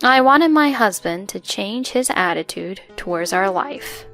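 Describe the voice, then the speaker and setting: Woman telling her story, kinda gravelly, earnest, soft music under it. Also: mid-range voice, animated, a little slow. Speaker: narrator. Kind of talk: first-person story narration. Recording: faint background music.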